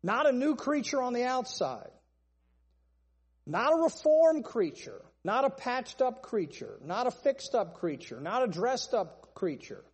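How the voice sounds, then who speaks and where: A man's voice: extremely high pitch, sing-song, unhurried, breathy edge, in a large hall. A man preaching a sermon, stressing points through long repeated lists. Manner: emphatic, repetitive list-style preaching.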